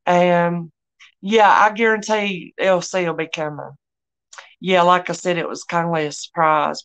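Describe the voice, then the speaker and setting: A woman's voice: lowish voice, lo-fi sound. A middle-aged woman, hosting a live online sale in a chatty, folksy way and greeting viewers by name. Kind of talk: casual live-stream selling chat.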